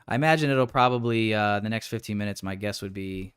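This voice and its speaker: In a lowish, smooth, slightly bright voice, a young man talks fast through his live trading stream. He's casual but frustrated, rambling with restarts and calling viewers "boys."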